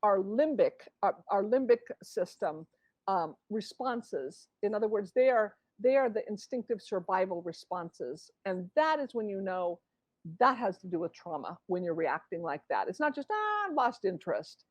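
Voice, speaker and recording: A woman's voice: mid-range voice, normal speed, dry recording. A woman author as a guest in a conversational interview, acting out inner voices as she explains. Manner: animated, acts out inner voices.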